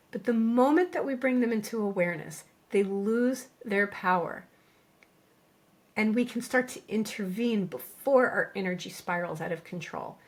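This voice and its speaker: A middle-aged woman speaks as a podcast co-host, calm and reassuring. She slows down to lean on key phrases, giving a steady coaching delivery at a medium pitch. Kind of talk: scripted podcast monologue.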